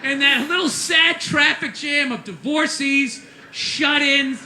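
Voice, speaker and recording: A man doing a stand-up comedy rant, profane and exasperated, bursting into shouts. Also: very high voice, takes it slowly, reverberant, a little hiss or hum.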